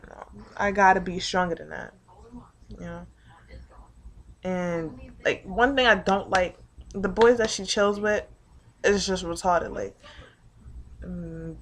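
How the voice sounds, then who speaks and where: This is a young woman in her late teens recounting her day to camera in a loose, rambling way. Her voice sits slightly low for a woman, and she swears casually while stringing thoughts together with "like.". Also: a little hiss or hum. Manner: rambling and profane, heavy use of "like". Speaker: vlogger. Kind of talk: casual storytelling.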